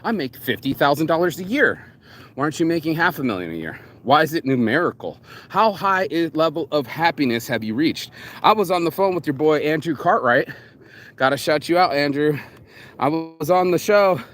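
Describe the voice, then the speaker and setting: A man's voice: fairly high pitch, animated, moderate pace, fairly bright tone. A man vlogging in a casual, rambling monologue, profane and streetwise, calling the listener bro. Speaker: vlogger and shirt designer.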